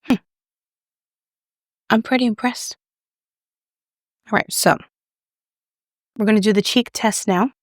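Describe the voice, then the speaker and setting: A young adult woman, a beauty YouTuber, casually reviews makeup while applying it on camera, chatty and self-deprecating. Her voice is fairly high and steady, slow with long pauses, recorded in studio quality with no echo.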